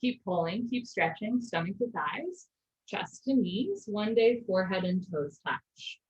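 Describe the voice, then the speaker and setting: A woman teaching a live online yoga class, giving steady posture cues with gentle encouraging asides. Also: mid-range voice, measured pace. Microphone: video call. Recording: echoey lo-fi video call audio.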